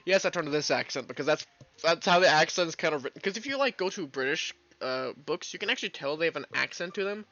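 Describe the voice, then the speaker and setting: Canadian dude rambling on stream, bright tone, kinda lo-fi mic. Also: male voice, fairly high pitch, expressive, fast talker, dry recording. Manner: rambling, chatty, laughs often. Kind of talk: live game playthrough commentary.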